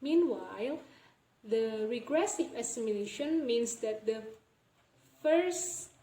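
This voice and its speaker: A young woman walks through a linguistics lesson at a slow, careful pace, pausing and correcting herself as she goes. Her voice sits a bit high and mellow. The recording is roomy and echoey, with faint background noise. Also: animated. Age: young adult. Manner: slow, hesitant, self-correcting. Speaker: student presenter.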